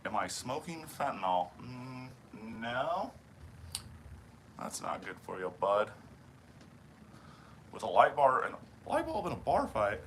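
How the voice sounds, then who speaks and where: A man's voice: mid-range voice, very animated, takes it slowly, long pauses, a bit bright. A man casually chatting with viewers on a livestream while he works in his workshop, swearing freely and mumbling as he goes. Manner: profane, laid-back, mumbles while working. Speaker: knifemaker livestreaming from his shop. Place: home workshop. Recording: noisy workshop livestream audio.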